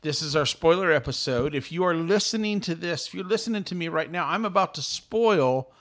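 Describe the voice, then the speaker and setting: A middle-aged man hosts a podcast with rambling excitement and keeps restarting his sentences. His voice sits fairly high for a man. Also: a little fast. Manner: animated, talkative, repeats himself. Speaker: podcast host. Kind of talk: excited casual chat.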